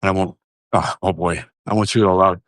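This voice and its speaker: A man with a very low, deep voice hosts a casual live stream, rambling loosely from one thought to the next with plenty of fillers and restarts. He jokes around and talks straight to his viewers. The sound is dry and close. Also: steady tone, quick pace, fairly bright tone, dry recording. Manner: joking, talks directly to viewers.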